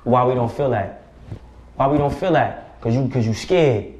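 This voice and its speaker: A man speaking as a podcast guest, preaching forcefully with profanity and rhetorical questions. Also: mid-range voice, normal speed, slight background noise. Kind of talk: impassioned podcast conversation. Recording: roomy echo.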